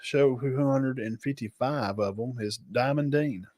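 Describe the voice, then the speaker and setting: A man's voice: medium pitch, a little slow, a little mellow. A man with a Southern accent and a nasal, sinus-blocked voice, hosting a casual sports talk show in a chatty, folksy way. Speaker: host.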